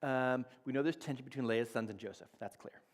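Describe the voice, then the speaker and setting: A medium-pitched man speaks briskly while teaching in a reverberant church sanctuary. His sermon on relationships is conversational, and he acts out quoted dialogue as the long reverb of the hall trails his words.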